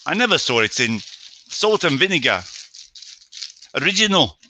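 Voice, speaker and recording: A man's voice: on the high side, very animated, unhurried, bright, forceful tone, slight background noise. An English man hosting a casual live stream chat from home, chatty and greeting his viewers by name. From England. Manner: chatty, reads out viewer names.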